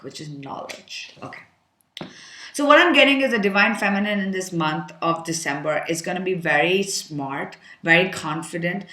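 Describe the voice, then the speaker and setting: A woman with a fairly low voice talks through a tarot reading in a loose, frank, chatty way, thinking aloud as she goes. Her voice carries a noticeable roomy echo. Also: fairly bright tone. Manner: chatty and frank, thinking aloud, with filler words and the odd curse. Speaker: tarot card reader. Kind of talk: casual tarot reading to camera.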